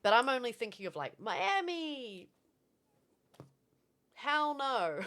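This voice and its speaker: A woman's voice: sits high, slow, long pauses. Chatty young woman streaming to viewers. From Florida. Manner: animated, swearing, reads out chat. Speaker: livestreamer. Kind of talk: casual chat with viewers.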